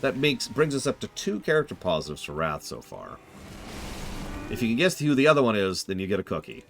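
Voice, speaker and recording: Man, streamer, casual game commentary, opinionated, low voice, very animated pitch. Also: brisk, gravelly, soft background music. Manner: chatty, opinionated, joking.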